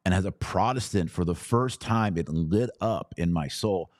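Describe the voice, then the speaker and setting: Deep-voiced earnest male podcast host. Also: normal speed, darkish tone, dry recording, clean studio sound. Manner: earnest, personal, emphatic. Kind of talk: casual commentary podcast.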